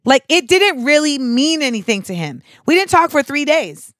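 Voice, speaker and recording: Animated, foul-mouthed woman podcast host. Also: high voice, normal speed, dry recording, studio quality. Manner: animated, profane storytelling with frequent asides. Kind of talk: casual podcast chat.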